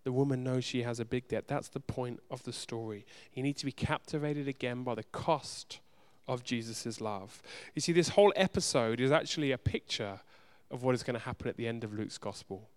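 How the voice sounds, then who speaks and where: Male pastor, smooth resonant voice, earnest sermon delivery, loud urgent swells and hushed low moments. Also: brisk, few pauses. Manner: earnest, direct address to the congregation.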